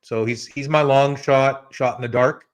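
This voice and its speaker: A man's voice: mid-range voice, moderate pace, lo-fi sound. Easygoing man hosting a podcast. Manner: relaxed and chatty, addresses co-host by name. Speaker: podcast host giving betting picks. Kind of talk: casual podcast chat.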